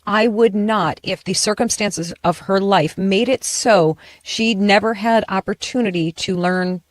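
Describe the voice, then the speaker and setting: A woman host talks through political commentary in a lively, self-interrupting way, catching herself and starting sentences over. Her voice sits in a middle register for a woman. The sound is close and dry, with no room around it. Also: medium pitch, measured pace, dry recording. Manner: animated, self-interrupting, frequent restarts.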